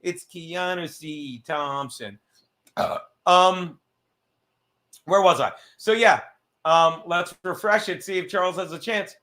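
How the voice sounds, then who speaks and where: A livestream host with a high voice and a bright, forceful tone. He talks casually and swears constantly. His sentences ramble and break off as he stops to fumble with his setup. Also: takes it slowly. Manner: profane, rambling, self-interrupting; reads viewer messages aloud.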